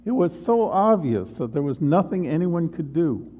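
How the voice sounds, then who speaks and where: A male pastor delivering an earnest, unhurried sermon in a church. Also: fairly high pitch, big pitch swings, dark tone, husky. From United States. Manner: slow, earnest preaching with pauses. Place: church sanctuary.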